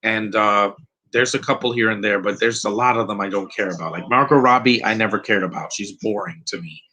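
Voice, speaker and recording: A man talks over a movie in a casual, rambling live commentary. His voice sits a little low but sounds bright and sharp. He is opinionated and often restarts his sentences. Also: brisk, poor audio. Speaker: film commentator.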